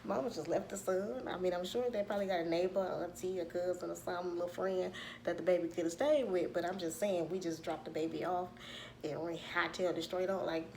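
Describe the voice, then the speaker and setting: A woman, giving a sassy, animated recap of a reality show in casual commentary. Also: on the low side, brisk, vocal fry, slight background noise. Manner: sassy, animated retelling with acted-out quotes.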